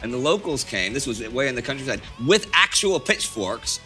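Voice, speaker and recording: Bright-voiced man telling war anecdotes. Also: medium pitch, sing-song, moderate pace, soft background music. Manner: storytelling, chuckling, laid-back. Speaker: history show host. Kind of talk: casual anecdotal chat.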